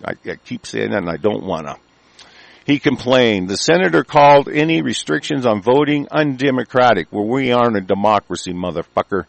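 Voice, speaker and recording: A man hosting his own show, delivering an angry, profane rant. He breaks into shouted bursts and stumbles through halting restarts. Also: medium pitch, gravelly, dry recording. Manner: halting, many ums and restarts. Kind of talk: profane ranting commentary.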